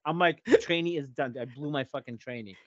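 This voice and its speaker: A man's voice: on the high side, a little fast, dry recording. A man on a podcast, telling a long profane story with lots of acted-out voices. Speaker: podcast co-host. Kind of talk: casual storytelling chat. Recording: dry, dull lo-fi podcast audio.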